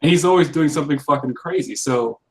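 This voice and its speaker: A man's voice: on the high side, fast talker, a little mellow. A man co-hosting a casual political podcast, talking bluntly with frequent swearing and laughing mid-sentence. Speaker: podcast co-host.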